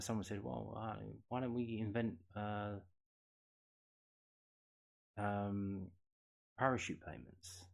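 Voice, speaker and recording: A man hosting a football news channel, ranting casually and bluntly with lots of swearing, fillers and restarts. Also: on the low side.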